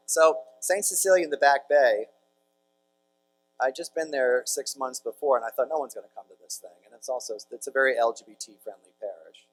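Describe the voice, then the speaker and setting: A man's voice: medium pitch, a little hiss or hum, poor audio. A man, a priest speaking to a large audience in a conversational storytelling talk with jokey asides to the crowd. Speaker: priest giving a conference talk.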